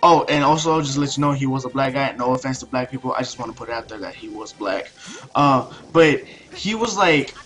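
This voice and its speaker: A man's voice: medium pitch, animated, fairly quick, a bit bright, faint music behind. A young man telling a story over gameplay in a casual, profane, ranting way, with many restarts. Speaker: video commentator.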